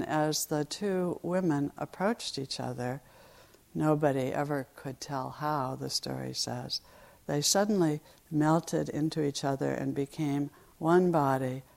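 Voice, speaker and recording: Low, creaky-voiced woman meditation teacher. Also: darkish tone. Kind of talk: dharma talk with storytelling. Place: meditation retreat hall.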